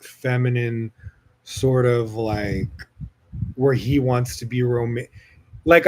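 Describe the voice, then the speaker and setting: Male podcast host, casual rambling monologue, chatty and gushing with lots of fillers and profanity, medium pitch. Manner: frequent laughter, swings loud and soft. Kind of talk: casual personal storytelling monologue.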